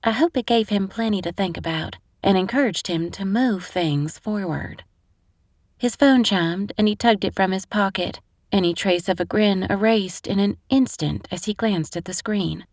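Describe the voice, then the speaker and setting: A woman's voice: medium pitch, moderate pace, a little mellow, no echo. A woman narrating a first-person romantic comedy audiobook on a close studio mic.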